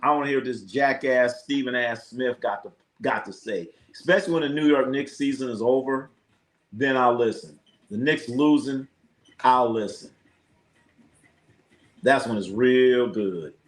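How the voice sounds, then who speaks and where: Medium-pitched and a little slow, this sports livestream host delivers a casual, heavily profane rant. He stays animated throughout and reads viewers' chat comments out loud.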